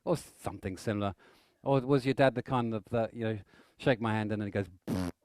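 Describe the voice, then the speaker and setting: A man with a lowish voice talks fast in a clean, studio-quality recording with no room sound. He's an NLP trainer telling stories live to a seminar audience, animatedly acting out the people in them with shouts and laughter.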